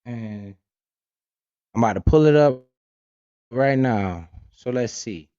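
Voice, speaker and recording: A man's voice: medium pitch, animated, takes it slowly, dark tone, clear, resonant tone, no room sound, lo-fi sound. A man hosting a casual livestream, talking bluntly with lots of swearing and keeps asking "right?". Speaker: livestream host and crypto investor.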